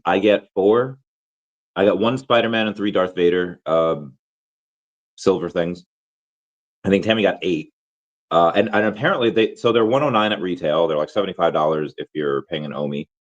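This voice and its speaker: Hoarse, rambling man on a dull recording. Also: low voice, moderate pace. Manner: rambling, restarts often, heavy fillers. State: hoarse, worn-out voice. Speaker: crypto collectibles vlogger. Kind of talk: casual chat.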